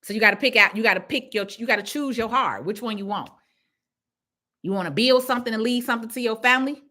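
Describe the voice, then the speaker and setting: A woman with a Chicago accent, who runs a small business, gives her followers a casual, preachy pep talk on a live stream. Her voice is on the high side, quick, bright and forceful, and she repeats her points for emphasis.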